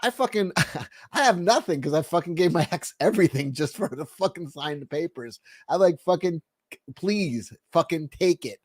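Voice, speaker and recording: Profane, animated man on a dry mic. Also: a little high, moderate pace, no echo. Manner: profane, animated, laughing often. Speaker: podcast host. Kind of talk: casual livestream chat.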